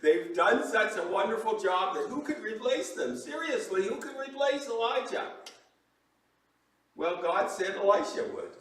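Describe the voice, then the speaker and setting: A man preaching a sermon as pastor, telling the story with lively acted-out voices for the people in it. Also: sits high, measured pace, heavy reverb, far from the mic, rough recording. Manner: animated storytelling, acting out quoted voices. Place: church sanctuary.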